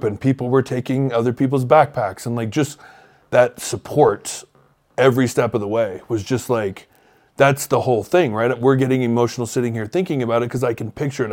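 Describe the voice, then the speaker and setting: A man's voice: mid-range voice, darkish tone. A man co-hosting a podcast, reflecting earnestly in casual conversation with loose, rambling phrasing. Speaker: podcast co-host.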